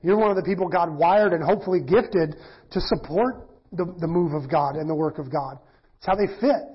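A middle-aged pastor teaching in a casual, self-deprecating sermon, often acting out quoted voices. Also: male voice, on the high side, fairly quick, husky. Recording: dull lo-fi church audio.

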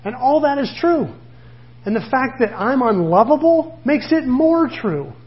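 Preaching in a relaxed, chatty style, this middle-aged pastor acts out the voices of the characters he describes. He speaks a little slowly and expressively in a voice pitched high for a man, captured on a dull, somewhat lo-fi recording.

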